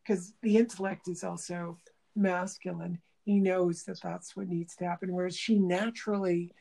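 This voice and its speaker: A woman's voice: fairly low pitch, fairly even intonation, normal speed, gravelly, mellow. A woman workshop teacher talking in a reflective interview, thoughtful and searching for words, often restarting.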